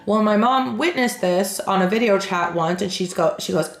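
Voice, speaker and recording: A woman hosting a reaction channel who reads aloud and tells stories casually, frank and animated, acting out the people she quotes. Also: medium pitch, measured pace. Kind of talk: reading aloud then casual storytelling. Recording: echoey room with faint music.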